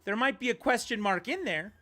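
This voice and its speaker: A man's voice: very high-pitched, expressive, a little fast, pushed and bright. A man streaming a video game, chatting casually and ranting bluntly, with some profanity. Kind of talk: casual livestream chat while gaming.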